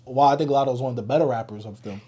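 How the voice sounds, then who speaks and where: A young man co-hosting a podcast, giving animated, opinionated takes and laughing often in casual chat. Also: mid-range voice, very fast, breathy edge. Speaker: podcast co-host.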